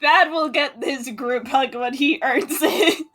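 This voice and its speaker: A woman's voice: sits high, takes it slowly, fairly bright tone. A woman playing a tabletop game, describing her character's feelings with lots of "like" and "you know". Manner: explains her character's feelings with many fillers. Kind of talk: casual tabletop play chat.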